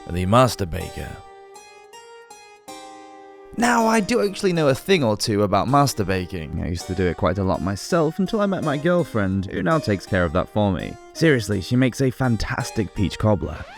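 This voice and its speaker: A man narrating a scripted history documentary in a clear, explanatory way, with the odd casual joke. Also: fairly low pitch, sing-song, fairly quick, few pauses, soft background music. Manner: clear explanatory delivery with casual jokey asides.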